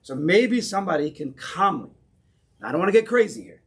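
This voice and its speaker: Man, American accent, rabbi teaching a group, gravelly, raspy, lively questioning. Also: high voice. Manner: animated, questioning, keeps pausing listeners. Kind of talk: interactive Torah class. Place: synagogue room with a small group.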